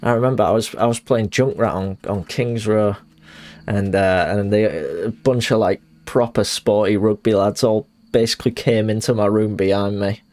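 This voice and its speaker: A man's voice: on the low side, fairly even intonation, normal speed, darkish tone, no room sound. A young man, chatting casually while streaming a game and telling rambling stories. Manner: rambling storyteller, acts out quotes. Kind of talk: casual chat while gaming.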